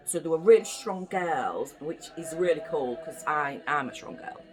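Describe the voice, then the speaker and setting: A woman's voice: low voice, expressive, normal speed, few pauses, darkish tone, soft background music. Playful woman reading a bedtime story. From United Kingdom. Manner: chatty, playful asides to children.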